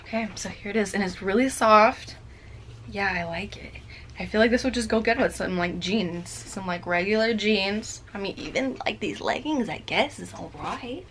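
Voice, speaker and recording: A woman's voice: mid-range voice, moderate pace, a bit bright, slight background noise. Chatty young woman rambling through a haul. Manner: chatty, rambling, self-teasing asides. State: a little out of breath. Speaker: fashion vlogger. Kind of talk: casual try-on haul chat.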